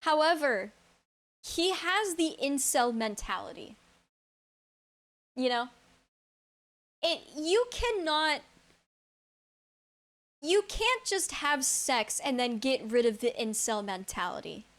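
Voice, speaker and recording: A young woman streamer rambling in casual chat with her viewers, blunt and quick to laugh, swearing freely as she answers chat. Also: high voice, lively intonation, a bit bright. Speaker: live streamer.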